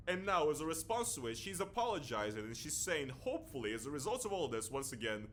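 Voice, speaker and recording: Man, sarcastic commentator, lively up-and-down pitch, faint low rumble behind. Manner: animated, sarcastic, mock-pleading asides. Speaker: co-host commentator. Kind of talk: casual commentary.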